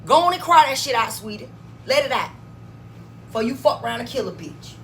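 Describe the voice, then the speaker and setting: Brief: woman vlogger, high-ish voice, blunt swearing rant, phone held off from the mouth, faint traffic behind. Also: very animated, brisk, far from the mic, poor audio. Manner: blunt, swearing, swings between mutters and loud bursts. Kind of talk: profane rant to camera.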